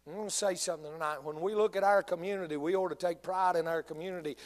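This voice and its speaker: A man's voice: high-pitched, steady tone, quick pace. A male pastor with a North Carolina Southern accent, preaching a sermon and speaking straight to his congregation, repeating key lines for emphasis.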